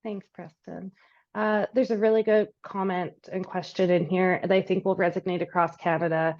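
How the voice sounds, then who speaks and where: A woman moderating a session, reading out audience questions in a measured way. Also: on the low side, flat delivery, a little mellow. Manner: measured, with fillers. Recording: dull lo-fi audio.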